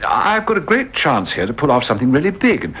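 An actor playing a defensive, sulky husband in an old radio drama. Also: male voice, medium pitch, wildly swooping pitch, fast, fairly bright tone, husky, lo-fi sound, full character voice. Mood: defensive, hurt. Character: touchy husband, wounded and defensive.

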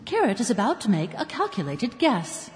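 A woman's voice: on the high side, wildly swooping pitch, normal speed, in a large hall. Wry woman narrating a radio drama.

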